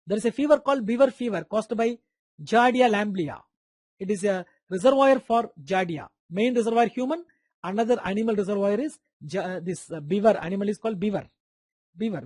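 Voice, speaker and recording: A man's voice: high-pitched, a little mellow, dry recording. A man with an Indian English accent giving an online medical lecture, quizzing students by name and repeating key terms.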